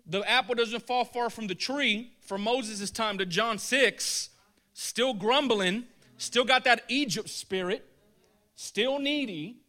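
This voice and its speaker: A man preaching a casual, animated sermon in a colloquial way, chuckling as he goes. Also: extremely high pitch.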